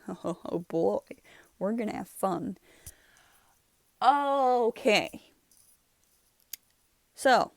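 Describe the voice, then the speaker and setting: A woman's voice: medium pitch, no room sound. A young woman hosting her channel, chatting casually and rambling through her old drawings, laughing often. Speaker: channel host. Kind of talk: casual art review chat.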